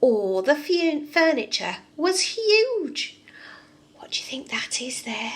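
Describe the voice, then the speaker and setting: Nursery teacher, woman, expressive storybook reading for small children, slow and fairly high. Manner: expressive, asks the children questions. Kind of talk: storybook read-aloud and lesson for young children.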